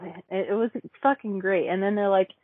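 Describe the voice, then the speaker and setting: A woman's voice: mid-range voice, fairly even intonation, moderate pace, no echo. A woman swearing her way through a rambling chat, often losing track of names. Her voice comes through a dry, tinny, phone-like line. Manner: profane, rambling, forgets names. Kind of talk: casual chat reviewing a cartoon episode.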